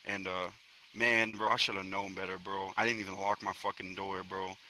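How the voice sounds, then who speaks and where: A man's voice: sits low, level tone, moderate pace, pushed and bright, a little hiss or hum, poor audio. A young man from Florida telling a story to friends in a rambling, profane street-slang way. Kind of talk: casual storytelling among friends. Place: online virtual social space.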